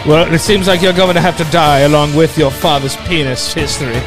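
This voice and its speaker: A man voicing a smug male undercover American agent, loud and taunting in an improvised comedy scene. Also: fairly high pitch, steady tone, brisk, music in the background, pitched above the performer's own voice, close to an everyday voice. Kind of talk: improvised comedy role-play.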